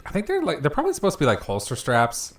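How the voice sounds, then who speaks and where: A man's voice: on the high side, wildly swooping pitch, racing, a bit bright. A man co-hosting a game stream, chatting casually and riffing on jokes. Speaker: stream co-host. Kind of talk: casual gameplay chat.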